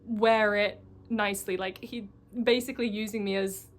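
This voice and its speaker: A woman's voice: mid-range voice, fairly even intonation, normal speed. A woman vlogger telling a personal story in a chatty, casual way, full of fillers. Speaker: coaching vlogger.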